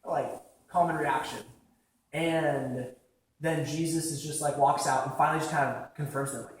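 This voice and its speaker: A young man giving a casual sermon, talking conversationally with lots of "like" fillers and acting out quick quotes. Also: a little high, steady tone. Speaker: preacher. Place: large echoing church hall. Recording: very echoey hall from far off.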